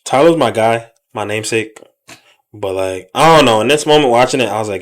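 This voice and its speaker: A man co-hosting a podcast, giving relaxed, joking, slangy commentary on a reality show. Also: mid-range voice, brisk. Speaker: podcast co-host. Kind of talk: casual recap chat.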